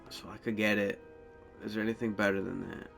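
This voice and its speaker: A man's voice: lowish voice, little pitch movement, fast talker, creaky, a bit bright, faint music behind. A man giving casual gameplay commentary, rambling and thinking aloud as he plays. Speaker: gameplay streamer.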